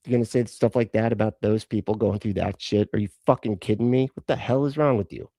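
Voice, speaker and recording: A man's voice: lowish voice, fairly even intonation, quick pace, mellow, no echo. A man hosting a live stream, reacting in casual, profane, rambling chat from close to the mic.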